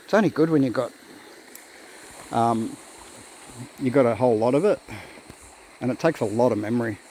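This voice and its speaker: A man's voice: mid-range voice, moderate pace, warm tone, poor audio. A man chatting casually into a phone camera outdoors by a creek, rambling and talking to his dogs. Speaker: vlogger. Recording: faint outdoor background noise. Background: faint outdoor nature sounds.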